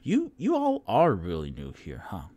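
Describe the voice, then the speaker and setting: A man's voice: lowish voice, huge pitch swings, measured pace, mellow, dry recording, heavily acted. A man voicing a boisterous seven-foot half-orc woman warrior who talks in a brash, chatty way.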